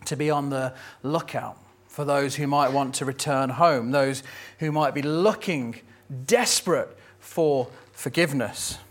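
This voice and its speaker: A man's voice: medium pitch, a little slow. A man preaching a sermon, telling a Bible story in a conversational, lightly humorous way. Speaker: pastor.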